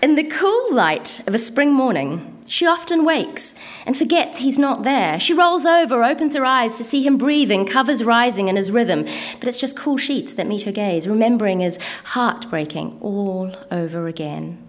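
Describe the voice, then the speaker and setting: A woman with an Antipodean accent performing her own spoken word poetry in a rhythmic, measured delivery with deliberate pauses, and chatting casually and hesitantly between pieces. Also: on the high side, expressive. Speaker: poet reading her own work.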